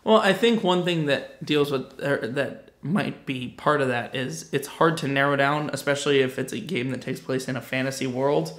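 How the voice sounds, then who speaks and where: A man co-hosting a casual chat podcast, joking loosely and leaning on "like" a lot. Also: medium pitch. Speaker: podcast co-host. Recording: echoey room.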